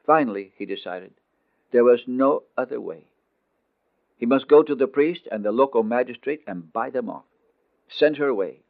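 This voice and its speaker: A man's voice: medium pitch, expressive, moderate pace, creaky, no room sound. Man narrating over a tinny line. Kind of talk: storytelling narration. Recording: dry, tinny phone-like sound.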